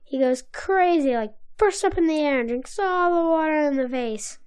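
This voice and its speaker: A woman's voice: high voice, animated, normal speed, darkish tone. A woman co-hosting a podcast, recounting a cartoon episode in blunt, offhand bits during casual chat. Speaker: podcast co-host.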